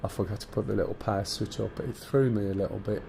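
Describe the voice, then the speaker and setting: Gravelly Black Country man streaming. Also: lowish voice, fairly even intonation, quick pace, dark tone, a little hiss or hum. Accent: Black Country English. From English Midlands. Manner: chatty, bantering with chat while explaining cockpit steps. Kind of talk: casual live-stream chat.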